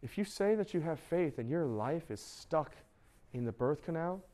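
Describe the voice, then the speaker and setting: A man's voice: fairly high pitch, normal speed. A man in his thirties, a youth pastor, preaching a casual sermon to teenagers and acting out their quoted voices. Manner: conversational, animated, acts out quoted voices.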